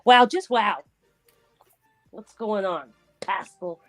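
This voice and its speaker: A woman hosts a casual livestream, chatting loosely with plenty of restarts and frequent laughs. Her voice sits at an ordinary pitch for a woman. The sound is dry and close, with no room in it. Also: slow pace, no room sound, faint music behind. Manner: laughs often, rambling with restarts. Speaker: livestream host.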